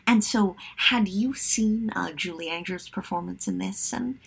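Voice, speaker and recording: A woman interviewer whose voice has a husky, breathy quality and a gravelly edge of fry. She asks polite, carefully framed questions in a plain conversational manner. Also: medium pitch, a little slow. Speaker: interviewer, host.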